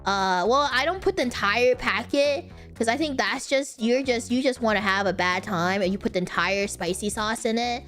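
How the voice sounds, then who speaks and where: A young woman streamer answering viewer questions in a casual, rambling chat, often breaking into high giggles. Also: normal speed, hardly any pauses, fairly bright tone, soft background music. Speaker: virtual streamer.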